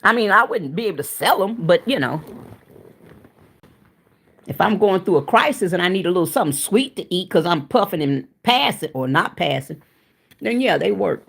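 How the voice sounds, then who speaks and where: Woman, low voice, streaming host, frank chatty delivery, tired and winded. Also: lively intonation, moderate pace, vocal fry, a bit bright, husky. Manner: chatty, frank, addresses viewers as y'all. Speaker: cooking channel livestream host. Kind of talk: casual chat with viewers.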